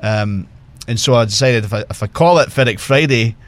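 A man's voice: medium pitch, brisk. A man telling casual stories as a guest on a podcast, often laughing as he talks. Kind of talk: casual storytelling.

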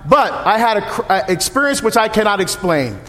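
Man in his fifties, very high voice, humorous storytelling, long church reverb. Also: fairly quick. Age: 50s. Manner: lively storytelling, humorous, acts out dialogue. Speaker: deacon. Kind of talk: parish mission talk.

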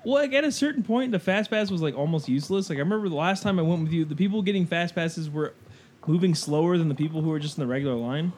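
A young man in casual chat, telling stories in an animated, chatty way. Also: on the high side, quick pace, slight background noise.

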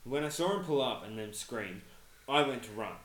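A man's voice: mid-range voice, moderate pace. Swearing man telling stories. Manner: swears constantly, animated storytelling with laughter. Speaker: podcast co-host. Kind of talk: casual storytelling chat. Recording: echoey room.

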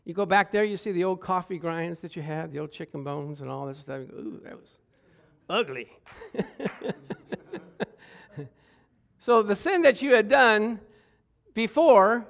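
Middle-aged male pastor, animated sermon storyteller, slightly high voice, repeats words when excited. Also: measured pace, vocal fry, pauses often. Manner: animated, stammering repeats, bursts of laughter.

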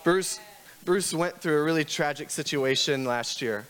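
Higher-voiced male pastor preaching candidly. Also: unhurried, fairly bright tone, smooth. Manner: candid, conversational, with frequent repeated restarts; builds to raised, emphatic questions. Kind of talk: sermon.

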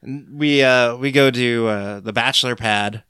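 Bright, crisp-voiced male podcast co-host. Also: mid-range voice, a little slow, no room sound, clean studio sound. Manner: narrates plot points with chuckles. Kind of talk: casual chat recapping a cartoon.

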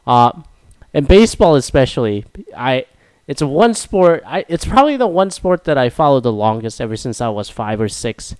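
A man's voice: mid-range voice, very animated, normal speed, a little mellow, clear, resonant tone, no room sound. A young man from Korea, hosting a casual solo talk and ranting profanely with self-mocking asides. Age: young adult.

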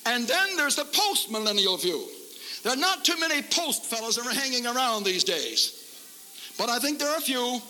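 A man's voice: very high voice, big pitch swings, normal speed, bright, forceful tone. A man preaching a revival sermon at a camp meeting, fervent and emphatic, repeating lines for effect. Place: large camp-meeting hall before a congregation. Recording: live sermon with long hall reverb.

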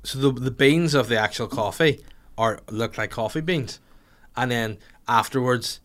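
A man's voice: mid-range voice, unhurried. A young man holds the floor on a casual podcast. He tells a comic anecdote with lots of swearing and acts out the people in it as he goes. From Northern Ireland. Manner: animated, profane, acts out voices in anecdotes. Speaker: podcast host. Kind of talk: comic storytelling chat.

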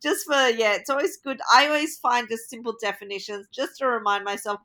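Female interviewer, bright tone, friendly, laughs easily. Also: on the high side, fairly quick. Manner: friendly, laughs often, hesitant fillers. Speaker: interviewer host. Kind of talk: interview conversation.

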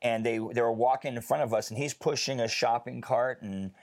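A man telling a personal story in a casual faith discussion, chatty and animated, with many fillers. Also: medium pitch, brisk.

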